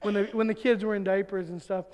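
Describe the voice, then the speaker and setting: A man preaching in a church, his fairly high voice carrying a long hall reverb. He tells funny stories in an animated way, acting out the quotes and laughing along as he goes. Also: fast. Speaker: pastor. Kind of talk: humorous sermon storytelling. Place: church sanctuary.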